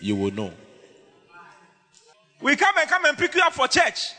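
A man preaching a lively, humorous sermon as pastor, teasing his congregation with bursts of shouting. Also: very high voice, moderate pace, long reverb tail, soft background music.

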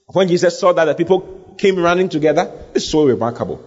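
A man's voice: on the high side, lively intonation, fast talker, a little mellow. A man preaching a sermon as pastor, repeating phrases and building emphasis. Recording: dull sound with long hall reverb.

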